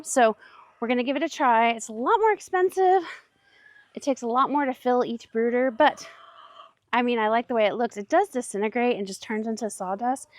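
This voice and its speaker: A woman's voice: a little high, no room sound. A woman chatting casually on a vlog tour of her farm's chicken coop outdoors, talking sweetly to her hens and a bit out of breath. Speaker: farm owner showing her chicken coop. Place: outdoors at a farm.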